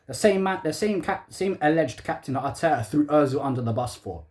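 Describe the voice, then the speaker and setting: A man's voice: on the high side, animated, a little fast, darkish tone. A young man ranting sarcastically as a football fan channel host, firing rhetorical questions in heavy slang.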